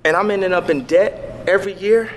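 Impassioned high-voiced man. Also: fairly quick, long reverb tail. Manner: preachy, impassioned, rambling. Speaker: interview guest. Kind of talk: animated interview talk.

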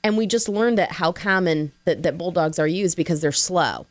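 A woman hosting a casual chat, chatty and excitable, talking to her guest and her dog. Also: on the low side, normal speed, dry recording. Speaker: host.

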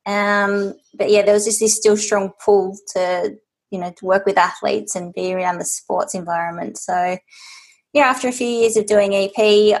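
Flat-toned woman coach. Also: medium pitch. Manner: casual, many fillers, steady and level. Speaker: guest, strength and conditioning coach. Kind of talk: interview answers.

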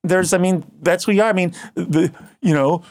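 A man in casual conversation, halting and repeating words, with a trained singer's voice that jumps between registers. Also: steady tone, darkish tone. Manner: trained voice, shifts pitch a lot. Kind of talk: casual chat.

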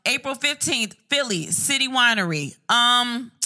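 Bright-voiced joking woman podcast host. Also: a little high, lively intonation, measured pace. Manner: joking, loose, playful profanity, listing tour dates. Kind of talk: casual late-night podcast chat.

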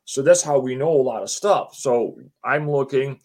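Middle-aged guy telling his story, lots of "she goes", acts out everyone, plain mid-pitched voice. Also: normal speed, darkish tone. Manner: retells conversations line by line, acting out the other people; chatty, often says "she goes" and restarts his sentences. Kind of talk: casual spoken anecdote.

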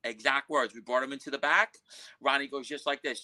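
Blunt, bright-voiced New man. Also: mid-range voice, a little fast, rough recording. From Queens, New York. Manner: blunt street talk, profane. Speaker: podcast guest. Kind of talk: storytelling interview.

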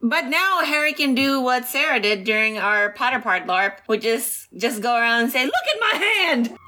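Higher, bright woman with playful jokes. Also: normal speed. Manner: joking, playful interjections. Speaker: podcast co-host. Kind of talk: casual chat.

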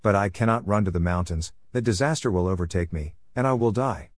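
A man's voice: deep voice, brisk, no echo, studio quality, lightly acted. A man reading as an anxious pleading host. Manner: urgent, imploring.

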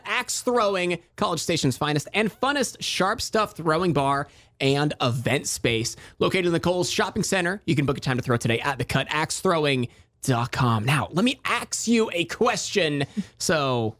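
A man in his thirties hosting a morning radio show, reading promos and bantering with co-hosts in an animated way. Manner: animated, sweeping pitch, reads promos quickly.

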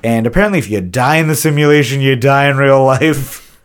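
A man's voice: mid-range voice, brisk, clean tone. Man casually recapping a movie. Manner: loose, profane retelling with acted-out quotes. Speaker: podcast co-host.

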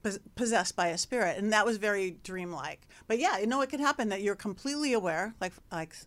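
A woman's voice: mid-range voice, brisk. A woman guest, a medium, talking eagerly in a casual studio chat. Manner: enthusiastic, chatty.

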